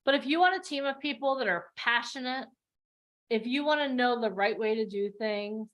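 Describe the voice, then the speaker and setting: A woman's voice: on the high side, moderate pace, fairly bright tone. A woman hosting an online bootcamp for actors and models, coaching over a video call in a passionate, emphatic way. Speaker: acting and modeling bootcamp host. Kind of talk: live online motivational coaching.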